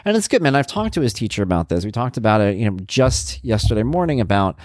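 A man's voice: on the low side, big pitch swings, fast talker, darkish tone, dry recording, studio quality. A middle-aged man hosting a podcast, talking candidly and reflectively in a casual monologue. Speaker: podcast host.

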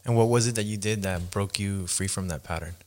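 This is a man hosting a podcast interview. His voice is very deep. He asks short, casual questions that nudge his guest along, with an easy, joking tone. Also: brisk, darkish tone. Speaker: podcast host.

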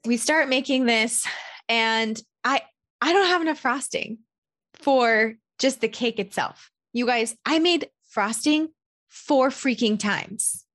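A woman hosting a podcast, candidly telling a personal story as a parent in an animated, self-deprecating way. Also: a little high, takes it slowly. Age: adult parent. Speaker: podcast host.

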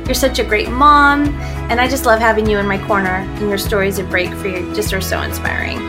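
A woman hosting a podcast interview, effusive and full of praise as she asks quick questions. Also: mid-range voice, steady tone, music in the background. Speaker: podcast host. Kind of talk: casual interview chat.

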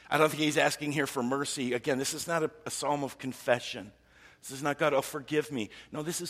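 A man's voice: a little high, fairly even intonation, brisk, a bit bright. A man preaching a sermon as pastor, earnest, with frequent restarts, acting out prayers with rising energy. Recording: long hall reverb.

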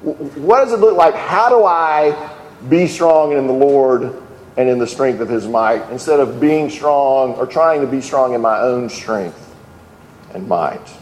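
A man's voice: mid-range voice, a little slow, a little mellow. A man preaching a sermon in an earnest voice, with fillers and restarts, who acts out the quoted lines. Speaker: pastor. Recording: echoey hall with long reverb.

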